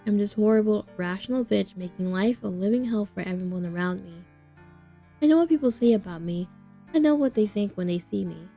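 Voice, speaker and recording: A woman's voice: medium pitch, fairly quick, creaky, warm tone, soft background music. Woman voicing a worn-out, hollow young woman. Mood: bitter, anguished. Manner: weary, hollow, bursts into bitter anger. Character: depressed, exhausted young woman, self-loathing. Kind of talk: visual novel voice acting.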